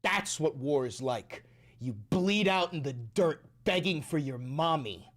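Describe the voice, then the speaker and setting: A man voicing a stern, bitter father, a war veteran, who warns his son in a low, hushed voice that is sometimes whispered. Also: lively intonation, measured pace. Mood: grave warning.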